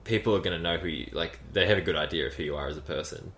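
Low-voiced rambling podcast host. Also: male voice, racing, vocal fry, a bit bright, roomy sound, a little hiss or hum. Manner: rambling, heavy use of "like", laughs often. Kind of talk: casual chat.

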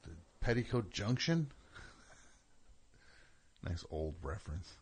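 A man's voice: on the low side, big pitch swings, slow pace, slightly rough. A man hosting a call-in show in casual chat, riffing sarcastically with stammering restarts.

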